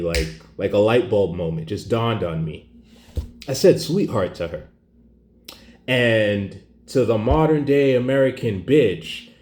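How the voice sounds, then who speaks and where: A man's voice: lowish voice, darkish tone. A man telling a story as a profane, sarcastic rant, in an echoey room.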